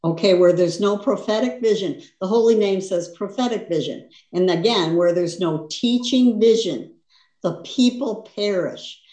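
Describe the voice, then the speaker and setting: A woman's voice: mid-range voice, moderate pace, mellow, echoey room. A woman teaching a Bible lesson as a sermon, talking conversationally and often checking in with "you understand?". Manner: conversational preaching, frequent "you understand?" and "see?".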